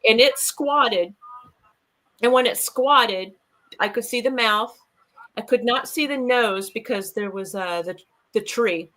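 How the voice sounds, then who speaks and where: A woman's voice: on the high side, takes it slowly, sharp tone, poor audio. A woman guest earnestly recounting an outdoor encounter in a casual, rambling way. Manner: earnest, rambling, with fillers and restarts.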